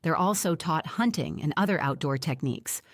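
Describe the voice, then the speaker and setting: A woman narrating a first-person audiobook in a plain, even storytelling manner. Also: low-pitched, normal speed, no echo, studio quality.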